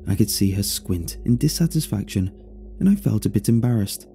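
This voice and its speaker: A man narrating a first-person story in an expressive, dryly amused way. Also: fairly low pitch, a little fast, faint music behind.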